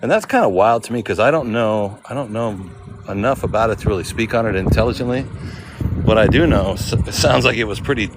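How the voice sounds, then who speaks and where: Low-voiced man musing aloud outdoors. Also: fairly quick, background noise. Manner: rambling, thinking aloud, asks himself questions. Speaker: vlogger. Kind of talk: casual walking vlog. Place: outdoor cemetery in full sun.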